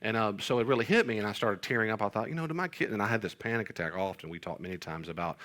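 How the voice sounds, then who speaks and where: Speaking rapid-fire with lively intonation, this middle-aged pastor has a lowish, fairly bright voice. On a casual parenting podcast, he rambles through stories and pokes fun at himself.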